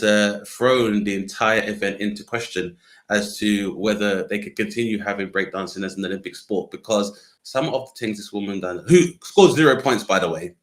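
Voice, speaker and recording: Wry, lower-voiced man in casual banter. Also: a bit bright. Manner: wry, sarcastic, many fillers. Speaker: co-host.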